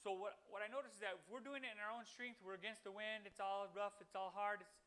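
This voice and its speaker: Man, devotional podcast host, high bright voice, loose rambling delivery with restarts. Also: fast. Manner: animated, rambling with restarts, acts out quotes. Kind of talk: informal devotional teaching.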